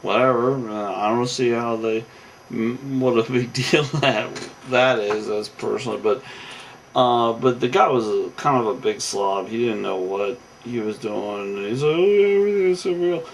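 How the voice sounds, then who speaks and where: A man's voice: on the low side, fairly even intonation, a little slow, slight background noise, rough recording. A tired man casually recapping a reality show, rambling with lots of fillers and restarts. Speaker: show commentator.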